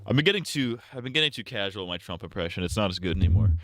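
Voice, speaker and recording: Young male streamer, low and crisp-bright, rambles and jokes with restarts, close dry earbud sound. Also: animated, racing, no echo. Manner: rambling, joking, with stammered restarts. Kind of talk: casual live game stream chat.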